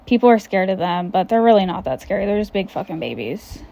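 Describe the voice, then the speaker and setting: A young woman, hosting a casual chat podcast, candid and quick with asides, swearing freely. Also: medium pitch, sing-song, creaky, dark tone. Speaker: podcast host.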